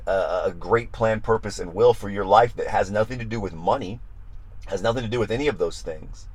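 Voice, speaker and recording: A pastor, a man who talks passionately and says he gets loud, repeating his phrases in a devotional livestream talk. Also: fairly low pitch.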